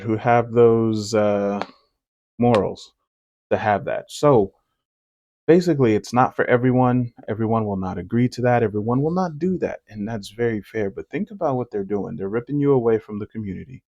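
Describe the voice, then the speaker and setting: Man, low gravelly voice, reaction commentary host, opinionated, conversational, dry dull lo-fi recording. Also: a little mellow, dry recording. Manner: conversational, opinionated, filler-heavy.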